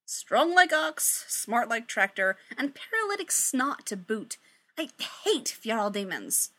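Here a story reader with a sharp-toned, mid-range voice works through a piece of fan fiction. She's conversational about it, dropping swear words and stopping for humorous side comments.

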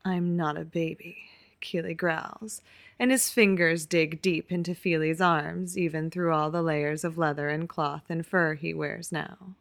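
Woman co-narrator, unhurried and gravelly, lowish voice. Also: steady tone. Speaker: co-reader of a fanfiction audiobook. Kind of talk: audiobook story narration.

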